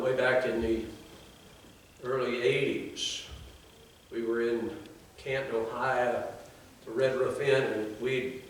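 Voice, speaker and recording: A man's voice: medium pitch, fairly bright tone, slight background noise. An older man preaching a sermon in a folksy, conversational way, with asides to the congregation, in a church sanctuary. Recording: echoey church from a distance.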